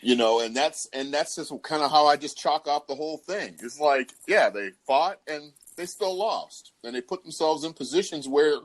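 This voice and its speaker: A man's voice: on the high side, lively intonation, moderate pace, few pauses, dry recording. A man hosting a casual football talk podcast, laughing often and restarting his sentences. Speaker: podcast host.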